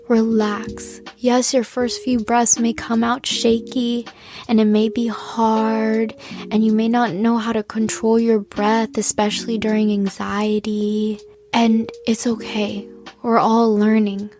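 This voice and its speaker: A nineteen-year-old woman giving casual, earnest self-help advice, often saying "like" and sometimes dropping to a soft whisper. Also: a little high, little pitch movement, a little slow, over music. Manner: earnest, heavy use of "like", drops into soft whispers.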